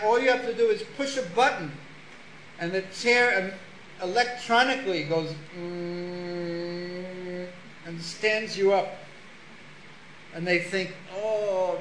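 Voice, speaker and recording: A man giving a sermon, reading a scripture passage and explaining it with lively stories. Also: high voice, roomy sound, slight background noise, rough recording. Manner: storytelling with acted-out voices. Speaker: spiritual teacher.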